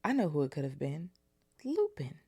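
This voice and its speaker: Woman reading as an eager loud teen boy wizard from a storybook, low gravelly voice pushed up a bit. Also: huge pitch swings, moderate pace, exaggerated voice. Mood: excited. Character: excitable teenage boy wizard, Ron.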